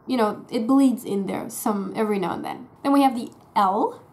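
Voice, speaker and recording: A woman with a faint German accent walks through pronunciation points in a casual, chatty video lesson. Her pitch sits in the middle for a woman. She explains clearly and uses easy fillers as she goes. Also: moderate pace, darkish tone. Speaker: language teacher.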